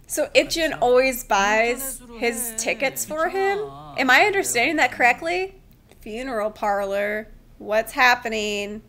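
A woman hosting a drama reaction video, excitable and emotional, laughing and gasping often. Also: fairly high pitch, unhurried. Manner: emotional, near tears. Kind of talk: casual drama reaction commentary.

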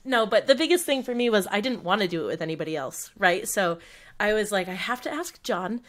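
A woman's voice: mid-range voice, expressive, fast talker, a bit bright. Young female co-host, chatty and giggly, mid-range voice, casual. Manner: chatty, laughs often, lots of fillers like "like". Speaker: podcast co-host. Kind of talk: casual chat.

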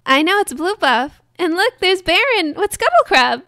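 A woman's voice: very high voice, normal speed, dry recording, clean studio sound. A woman streamer chatting casually and giggling while gaming with friends in a headset. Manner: giggly, excitable. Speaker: streamer host. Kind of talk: casual game chat.

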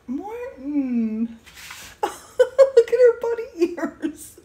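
Her voice extremely high, sing-song, mellow, and extremely slow, the host of a painting livestream gushes tearfully over a gift. She exclaims often in emotional casual chat from an indoor studio.

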